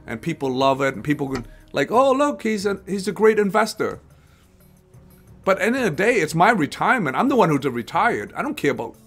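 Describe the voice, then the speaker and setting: A man's voice: medium pitch, a bit bright. Rambling man hosting a live stream. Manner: rambling, repeats and restarts phrases, acts out quoted people. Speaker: host of a live investing show. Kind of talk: casual live-stream talk.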